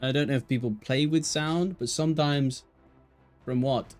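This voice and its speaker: A man's voice: a little high, normal speed, a little mellow, faint music behind. A young man with an English Midlands accent, chatting and joking casually as an esports caster on a live stream.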